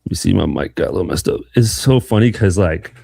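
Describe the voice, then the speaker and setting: A young man co-hosting a podcast, telling a rambling, animated story in casual chat. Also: low-pitched, fast talker, gravelly, husky, no echo. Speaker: podcast co-host.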